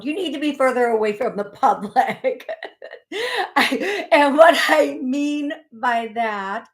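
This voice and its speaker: A woman psychic medium hosting a live call-in show, talking to callers and chat viewers in a rambling, folksy, reassuring way that often corrects itself mid-sentence. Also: mid-range voice. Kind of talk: live call-in reading, chatty address to viewers.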